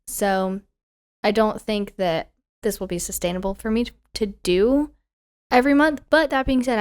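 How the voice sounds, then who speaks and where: A young woman in her twenties hosting a casual solo podcast from home, chatty and rambling, her voice a little hoarse from a cold. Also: mid-range voice. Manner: chatty, self-deprecating, rambling. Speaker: podcast host. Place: alone at home.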